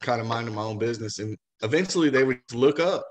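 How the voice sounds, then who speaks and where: A man training as a car salesperson who talks in a hesitant, halting way. His voice is mid-pitched and ordinary. He often stops and restarts before he finishes his sentences. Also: expressive. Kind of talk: coaching session role-play.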